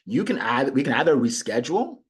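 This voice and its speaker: A middle-aged man coaching on sales, talking in an animated way and acting out his prospects. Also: mid-range voice, fairly quick, husky. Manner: animated, acts out clients and prospects in quoted voices. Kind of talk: motivational sales talk.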